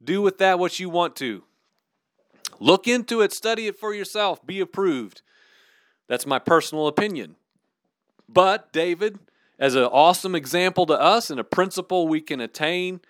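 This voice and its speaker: A man preaching earnestly and conversationally. His voice sits a little high for a man. It is recorded close and dry, with no room echo. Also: a bit bright. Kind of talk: sermon teaching.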